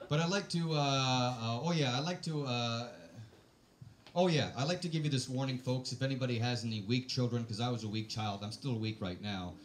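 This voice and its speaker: A man doing a stand-up comedy set, deadpan and hesitant, full of "uh" fillers. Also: mid-range voice, brisk, slight background noise.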